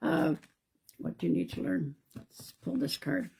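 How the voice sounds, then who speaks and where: A woman, a psychic medium, doing a live-stream card reading in a calm, reassuring way and thinking aloud. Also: fairly high pitch, measured pace, creaky, slightly rough. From Canada.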